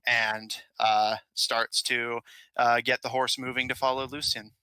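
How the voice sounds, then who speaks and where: A man running a tabletop game as game master, with a very bright, keen tone. His narration is loose and full of fillers. The sound is close and dry, with no room around it. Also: medium pitch, flat delivery, measured pace, smooth, no echo.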